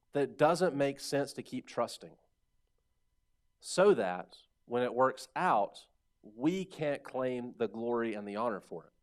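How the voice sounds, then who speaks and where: A man preaching a sermon in a conversational way, acting out little bits of dialogue. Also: mid-range voice. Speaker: pastor.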